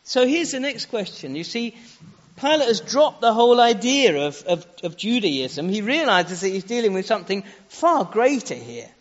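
A man with a high, sing-song voice preaches a sermon earnestly at a moderate pace, relying on rhetorical questions and varying his speed for emphasis. The recording has echoey hall acoustics and dull, lo-fi sound.

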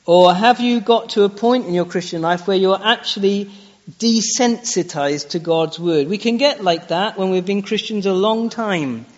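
A man preaching a sermon in a church, challenging his listeners with direct questions. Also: sits high. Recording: dull lo-fi recording with long church reverb.

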